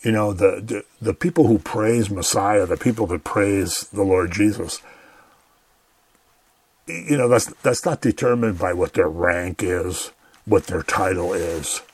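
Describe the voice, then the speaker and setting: A man's voice: low voice, unhurried, darkish tone, breathy edge, no room sound. A man giving a radio Bible teaching in an earnest, conversational way, often saying "you know".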